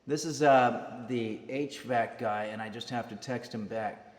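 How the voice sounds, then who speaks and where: A man hosting a cooking stream, chatting casually and hesitantly to viewers with many pauses and fillers. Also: mid-range voice, echoey room, big-room sound. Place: home kitchen streaming setup.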